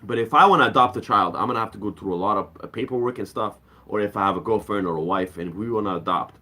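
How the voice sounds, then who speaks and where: A man's voice: on the low side, fast. A young adult man doing stand-up comedy, ranting with profanity and acting out quoted voices. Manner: animated, profane rants.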